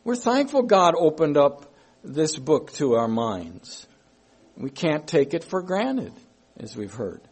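Male preacher, husky, unhurried sermon delivery with emphatic repetition. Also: a little high, sing-song, a little mellow. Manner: slow, emphatic, repeats key phrases.

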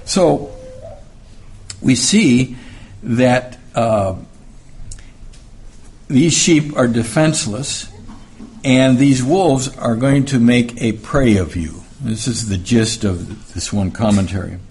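A man preaching a sermon, deliberate and emphatic, repeating key phrases as he explains scripture. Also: medium pitch, darkish tone.

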